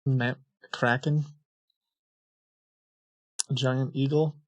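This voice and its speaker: A man hosting a podcast in casual chat, playfully acting clueless and deadpan while prank-calling a scammer. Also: medium pitch, very slow.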